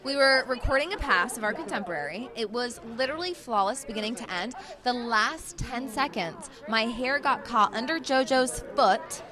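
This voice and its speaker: A young woman, a professional dancer, telling an animated story as an interview guest, laughing as she talks. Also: fairly high pitch, moderate pace, few pauses. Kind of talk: excited storytelling. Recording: clear crowd chatter behind.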